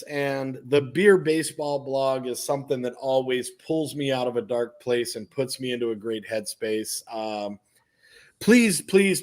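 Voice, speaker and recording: A man co-hosting a casual podcast, joking with friends and speaking earnestly to listeners. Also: on the high side. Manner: joking, then heartfelt and earnest. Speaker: podcast co-host.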